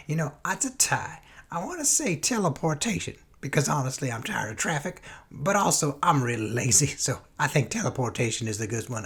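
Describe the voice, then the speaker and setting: A man playing a folksy Southern man with a Southern US accent, who answers silly interview questions in a rambling, goofy way with a husky voice. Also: fairly bright tone, heavily acted. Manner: rambling, goofy, sudden jumps in pitch. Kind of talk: comedic mock interview.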